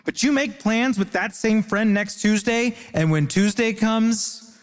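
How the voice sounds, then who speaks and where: A man from Ontario doing stand-up and panel banter in a wry, deadpan, self-mocking way. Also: sits high, unhurried, in a large hall.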